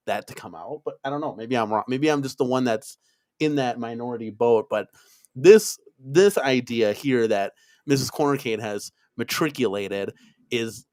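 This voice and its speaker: A man from Wisconsin hosts a casual stream chat. He rambles excitedly, with plenty of "like" fillers, at a middling pitch. His voice is close and dry. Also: moderate pace, no room sound. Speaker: podcast host.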